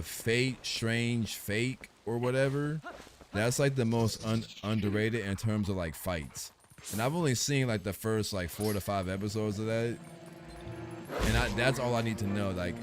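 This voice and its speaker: A young man streaming, chatting casually in a rambling, slangy way full of fillers. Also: on the low side.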